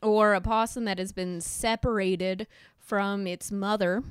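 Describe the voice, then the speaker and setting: A woman with a smooth, clear voice talks slowly and easily as a podcast co-host. Her sound is dry and close, and she laughs readily while relaying quirky news. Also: mid-range voice, fairly even intonation, no room sound. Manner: easygoing, laughs often, reads news items slowly. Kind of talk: casual chat.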